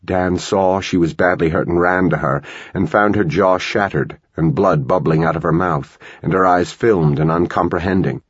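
Deep husky male narrator. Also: normal speed, few pauses, no room sound. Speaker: audiobook narrator. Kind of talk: scripted narration. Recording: dull lo-fi dry recording.

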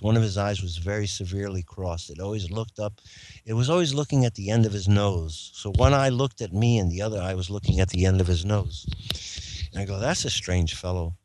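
رجل يحكي قصة شخصية طويلة، بأسلوب حيوي، ويمثّل الحوار المقتبس بقفزات كبيرة في طبقة الصوت. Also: male voice, no echo. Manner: animated, acts out quoted dialogue with big pitch jumps. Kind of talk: storytelling monologue.

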